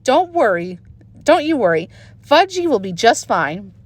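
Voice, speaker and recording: Whiny bossy schoolgirl, high and shrill, as a woman puts her on. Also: sing-song, unhurried. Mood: eager. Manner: shrill and pleading.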